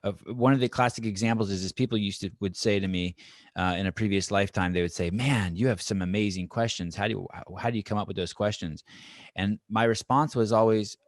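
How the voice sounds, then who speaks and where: A man with a lowish voice hosts a podcast, reflecting aloud and searching for his words. The sound is dry, with no room echo. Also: a little fast. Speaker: podcast host. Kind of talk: casual conversation.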